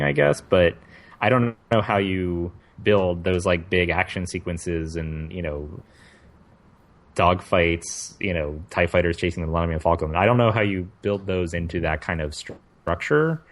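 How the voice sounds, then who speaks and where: A man co-hosting a podcast in casual chat, thinking aloud and circling back over his own words. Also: sits low. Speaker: podcast co-host.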